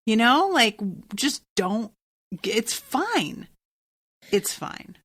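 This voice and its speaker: A woman co-hosting a podcast, recapping a TV episode in casual chat. Her voice is bright and forward, and her delivery is blunt and exasperated, with frequent swearing. The recording is dry and close. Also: fairly high pitch, big pitch swings, very slow, no room sound. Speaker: podcast co-host.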